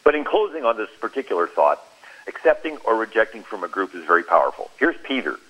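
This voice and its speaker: A man speaking at a middling pitch with a slightly husky edge, telling stories on a Christian radio talk show. He livens his tales by acting out what people said. The sound is muffled and lo-fi, as if heard over radio. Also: fast talker. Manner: animated storyteller who acts out quoted speech.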